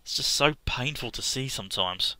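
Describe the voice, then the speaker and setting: A man talking sincerely to camera as a gaming vlogger, halting with restarts and fillers. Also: mid-range voice, expressive, pushed and bright, no echo. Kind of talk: casual earnest talk to camera.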